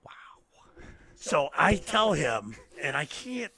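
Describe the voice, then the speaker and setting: Animated gravelly man telling a story. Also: mid-range voice, normal speed. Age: middle-aged. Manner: animated, acts out quoted voices. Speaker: podcast co-host. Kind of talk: casual storytelling.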